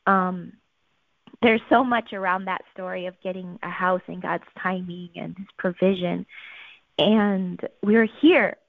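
A woman telling her life story in an earnest, animated way, acting out the quotes. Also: fairly low pitch, unhurried, creaky, dry recording. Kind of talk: personal storytelling. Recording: tinny phone-like sound, dry.

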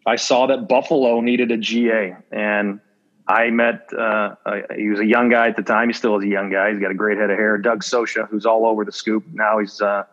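This podcast guest, a male assistant football coach, has a fairly low voice with little pitch movement and a fairly bright tone, speaking at a moderate pace. He's candid in the casual interview, dramatizing old conversations within his stories, and the recording is dull lo-fi.

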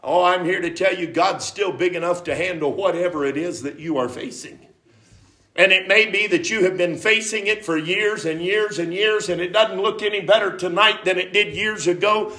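A man preaching a revival sermon with emphasis and repetition, rising at times to sudden shouts. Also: high-pitched, normal speed. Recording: roomy church echo.

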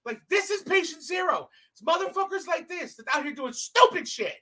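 A man telling a story in casual talk, swearing constantly and bursting into heated shouting. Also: very high-pitched, animated, moderate pace.

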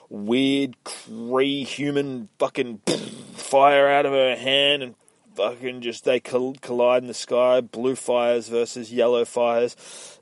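A man swears his way through a rambling comic book recap, medium-pitched and easygoing. His voice sits dry and close, with no room sound around it. He keeps the action moving in loose, excited bursts. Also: no echo. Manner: profane, rambling play-by-play with quick voice impressions. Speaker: comic book podcast host.

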